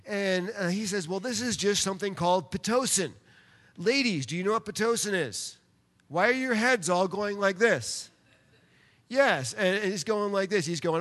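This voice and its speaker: A man preaching a sermon, telling a personal story in an animated way and speaking directly to his congregation. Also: sits high, brisk. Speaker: pastor. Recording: long hall reverb.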